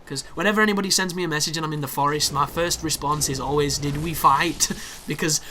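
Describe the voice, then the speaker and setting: A young man commentating on his own gameplay, excitable and sweary, with sarcastic asides. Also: a little high, fast talker, slight background noise. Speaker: gaming commentator.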